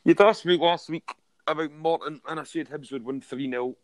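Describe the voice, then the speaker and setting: A man's voice: on the high side, normal speed. A young Scottish man co-hosting a casual football podcast, laid-back and self-deprecating, often restarting his sentences. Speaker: podcast co-host.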